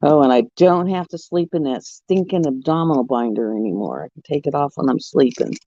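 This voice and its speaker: A woman chatting casually on her craft vlog as an animated storyteller, recorded at home. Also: deep voice, a little fast, dry recording. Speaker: crafting vlogger. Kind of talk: casual chat. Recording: muffled, dull sound.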